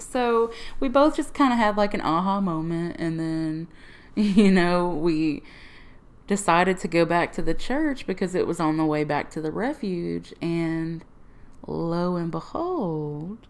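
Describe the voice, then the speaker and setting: A woman telling a personal story to camera in a casual, animated way, laughing often and acting out her own remarks. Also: lowish voice. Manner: animated, laughing often, quoting herself in lively asides. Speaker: refuge history project researcher.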